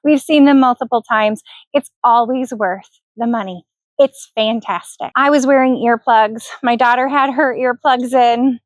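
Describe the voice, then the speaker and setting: A woman's voice: on the high side, a little slow, no room sound. A middle-aged woman vlogger telling a personal story to camera in an earnest, reflective way, ending with questions to the viewer.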